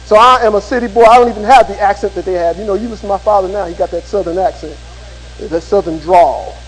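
Very high-pitched male pastor, folksy storyteller turning fervent, long hall reverb. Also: fast talker. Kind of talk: sermon.

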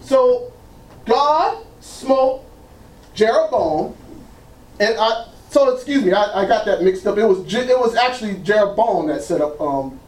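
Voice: medium pitch, animated, measured pace, darkish tone. A preacher giving an emphatic sermon that leads the congregation in call-and-response. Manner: emphatic, repeats phrases, frequent "praise God".

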